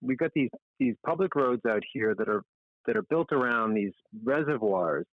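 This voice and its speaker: A man's voice: medium pitch, expressive, normal speed, no echo. A middle-aged man, a magazine editor, chatting casually as a guest in a podcast interview, rambling and self-deprecating. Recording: tinny phone-like line, dry.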